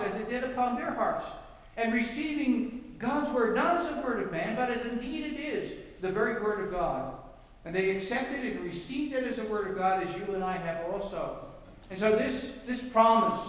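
High-voiced pastor preaching in an echoey hall. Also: male voice, recorded from a distance. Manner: earnest, emphatic, often repeats and restarts phrases. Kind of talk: sermon with opening prayer.

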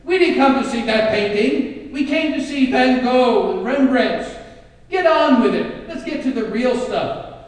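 A man doing an angry bidder, shouting. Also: extremely high pitch, animated, a little slow, voice pushed up. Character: angry male bidder demanding the real paintings. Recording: echoey hall, distant mic.

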